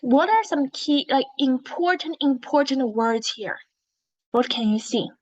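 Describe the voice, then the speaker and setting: Slow, patient woman teaching reading. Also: high-pitched, animated, lo-fi sound. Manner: slow, patient, encouraging, modelling expression. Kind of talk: online English reading lesson for young learners.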